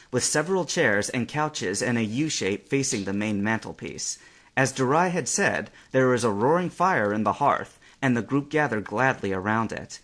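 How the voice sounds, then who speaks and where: A man narrating a fan-fiction story aloud with expressive storytelling. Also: mid-range voice.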